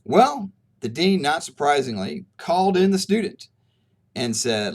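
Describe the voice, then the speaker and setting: A man's voice: fairly high pitch, sing-song, unhurried, breathy edge. A man, an ethics professor, telling a true case study to his students in a conversational lecture, acting out the people's lines as he goes. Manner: conversational storytelling, acting out quoted exchanges.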